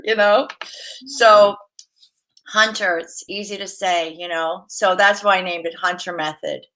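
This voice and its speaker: A woman with a mid-range voice, speaking a little slowly, chats casually as a guest in an interview. She works as a massage therapist and is a lively storyteller who laughs often and acts out the voices she quotes.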